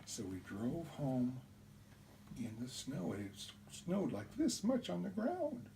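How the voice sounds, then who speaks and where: A man telling a childhood story in an animated way, acting out the voices, recorded on a distant mic with faint hiss. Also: a little high, slow, gravelly. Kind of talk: told personal story.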